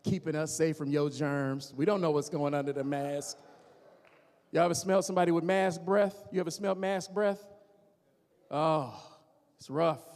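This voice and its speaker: High-voiced man doing teasing stand-up. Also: vocal fry. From Gary, Indiana, USA. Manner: animated, teasing, talks straight to the audience. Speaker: stand-up comedian. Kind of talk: stand-up comedy with crowd work. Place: church hall before a live audience. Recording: reverberant church hall.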